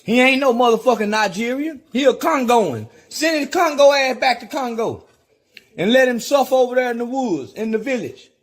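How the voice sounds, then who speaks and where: Guy with a real high husky voice going off, cussing and repeating himself nonstop. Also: expressive, normal speed. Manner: loud, insulting, repeats himself. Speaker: guest commentator in a played clip. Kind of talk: profane rant in a video clip.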